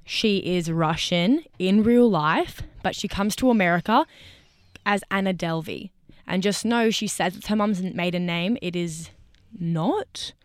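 A woman co-hosting a podcast in casual chat, talking in a chatty, bubbly way with quick asides. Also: lowish voice, no echo, studio quality. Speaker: podcast co-host.

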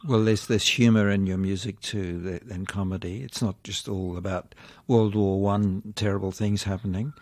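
A man's voice: low-pitched, fairly even intonation, normal speed, darkish tone, no echo, studio quality. A man hosting a radio interview, chatty and friendly, steering the talk with his questions. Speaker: radio host.

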